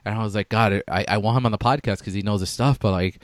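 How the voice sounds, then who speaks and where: A man's voice: on the low side, quick pace, dry recording. A young man hosting a casual podcast, loose and joking, swearing freely. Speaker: podcast host.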